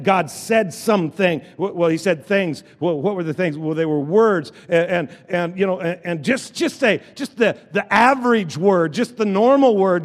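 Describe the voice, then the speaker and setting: The sound is big and roomy as a high-voiced pastor preaches to his congregation in the church sanctuary. He drives a call-and-response from the pulpit, repeating phrases and beginning sentences again.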